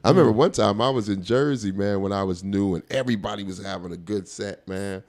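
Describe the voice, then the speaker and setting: A low-pitched man tells stories in a relaxed interview. He talks like a stand-up comedian, acting out the people in his stories. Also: quick pace. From Colorado. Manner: animated storyteller, acts out quoted voices, laughs often. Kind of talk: casual storytelling interview.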